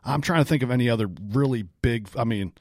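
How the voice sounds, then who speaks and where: A man's voice: medium pitch, quick pace, a little mellow, no echo, clean studio sound. A man co-hosting a boxing podcast, telling loose, profane fight stories in casual chat. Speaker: podcast co-host.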